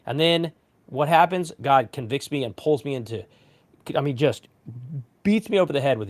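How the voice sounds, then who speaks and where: A man's voice: medium pitch, moderate pace. A man in his thirties, a pastor, telling a personal story in a casual panel discussion, acting out quotes. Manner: animated storytelling, voices quotes.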